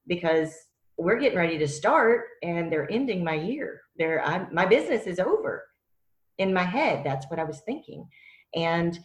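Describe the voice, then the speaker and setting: A woman, a guest, talking casually and hesitantly, often pausing on fillers. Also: fairly low pitch, reverberant. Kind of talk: casual podcast talk.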